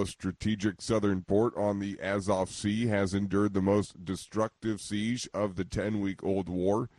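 A man reading a radio news bulletin as the anchor, in a measured, even delivery. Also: low-pitched, no echo.

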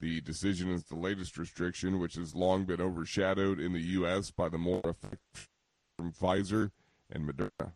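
A man reading a radio news bulletin as the anchor, in a measured, even delivery. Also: low voice, no echo.

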